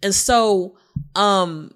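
A middle-aged woman in a casual conversation, telling candid stories in an animated way and quoting her own past dialogue. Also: mid-range voice, drawn-out words.

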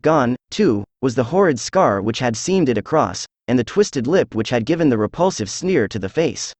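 A synthesized male voice reading a classic detective story aloud, even and measured, with little change between characters. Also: mid-range voice, dry recording. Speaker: audiobook narrator. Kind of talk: scripted narration.

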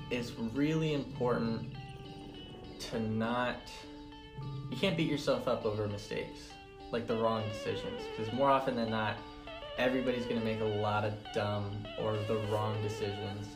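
A young adult man, a podcast guest, telling a personal story in a casual, rambling way full of "like" and "man". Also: medium pitch. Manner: rambling, fillers like 'like' and 'man'. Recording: roomy echo.

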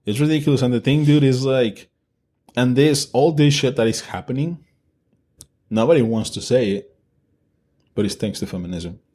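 A man's voice: medium pitch, normal speed, long pauses, dark tone. A man co-hosting a podcast in casual chat, talking bluntly and swearing freely as he pushes strong opinions. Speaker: podcast co-host.

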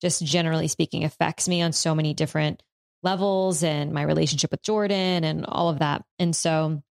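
A woman speaks in a lower register, close and dry with no room sound. She talks personally and haltingly, restarting sentences as she looks for the right words. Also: steady tone, gravelly, no echo. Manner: hesitant, searching for words with many restarts. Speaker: guest discussing her estranged father. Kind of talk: emotional personal conversation.

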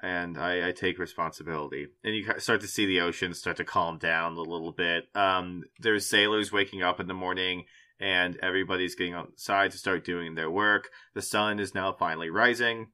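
A man's voice: low-pitched, steady tone, normal speed, bright, forceful tone, clean tone. A man narrating as game master, hesitant, with frequent fillers. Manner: hesitant, full of fillers and laughs.

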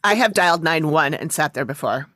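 A woman's voice: sits low, animated, a little fast, a bit bright. A woman co-hosting a casual podcast, a supportive listener who laughs often and teases playfully. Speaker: podcast co-host. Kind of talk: casual chat.

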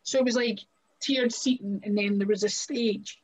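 Through poor audio, a young woman's husky, medium-pitched voice comes across steady in tone at normal speed. She's a wrestler guesting on a podcast, telling stories in a chatty way with lots of laughter and many "like" fillers.

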